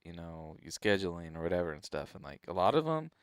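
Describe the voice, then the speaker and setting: Low smooth-voiced young man, laid-back chat. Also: big pitch swings, fast talker, no echo, studio quality. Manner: laid-back, full of "like" and "you know". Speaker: podcast co-host. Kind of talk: casual chat.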